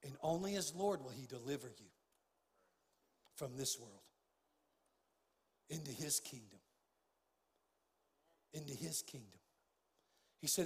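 An older man preaching a sermon as pastor, impassioned, swinging from hushed tones to loud outbursts. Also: a little high, expressive, measured pace, long pauses, long reverb tail. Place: church sanctuary.

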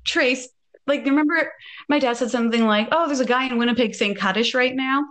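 A podcast host in her thirties, with a high voice and a fairly quick pace, tells a story casually and animatedly acts out the quoted dialogue.

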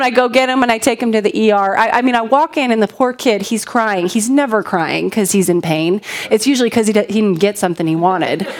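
A woman in her thirties giving a conversational sermon full of personal stories, animated and chatty, asking the congregation questions. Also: medium pitch, fast talker. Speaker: pastor.

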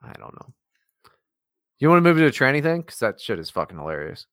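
A man's voice: mid-range voice, big pitch swings, a little fast, fairly bright tone. A man co-hosting a podcast, talking in casual, profane, mocking banter. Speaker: podcast co-host.

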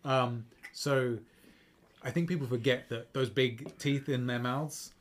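Male podcast co-host, casual rambling chat, average pitch. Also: fairly even intonation, a little slow. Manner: rambling, lots of fillers and restarts.

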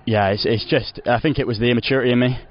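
A man's voice: medium pitch, fairly even intonation, racing, highs cut off. A young man, a footballer, chatting in an interview, rambling with lots of "you know" and restarts. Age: young adult. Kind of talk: casual post-match interview.

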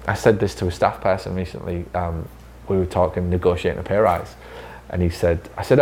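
A man's voice: low voice, fairly even intonation, fast talker, darkish tone, slight background noise. A man training clinic staff in a casual talk, swearing freely and acting out conversations. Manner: blunt, swears freely, acts out dialogue. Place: physiotherapy clinic room, with staff.

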